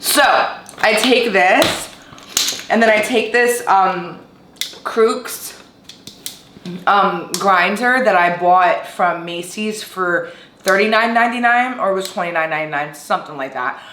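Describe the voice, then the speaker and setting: With a mid-range, fairly bright voice and a slow pace, a young woman from Brooklyn, New York reviews coffee in a relaxed, rambling food-and-coffee vlog. The sound is reverberant with a little hiss or hum, and she greets viewers sing-song style and teases herself now and then.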